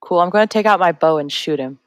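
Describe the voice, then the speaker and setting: A woman's voice: on the low side, fast talker, clear, resonant tone, no room sound, studio quality. A woman playing a tabletop game, talking in a plain, matter-of-fact way. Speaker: player. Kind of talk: casual game chat.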